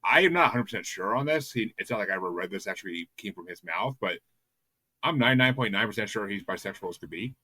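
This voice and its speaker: Male podcast host, deep and punchy, dry close sound, eager, rambling, stammering. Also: animated, quick pace, sharp tone, no room sound. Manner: rambling and enthusiastic, stumbles over repeated words. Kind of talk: casual podcast chat.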